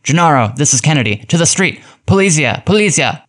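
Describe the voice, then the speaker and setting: A man voicing a commanding detective, low voice. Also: steady tone, brisk, natural voice. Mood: shouting. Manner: crisp, commanding. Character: brisk confident male criminologist detective. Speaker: detective giving orders.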